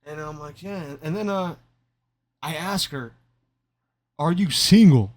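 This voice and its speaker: A man's voice: fairly high pitch, slow, dry recording. A young man casually telling a rambling, self-mocking story over gameplay, often stumbling and repeating his words. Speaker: gaming commentator.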